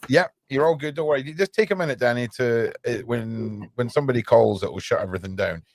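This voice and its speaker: A man's voice: mid-range voice, quick pace, darkish tone, dry recording. A man hosting a casual interview over a video call, talking in an easygoing, reassuring way. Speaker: host.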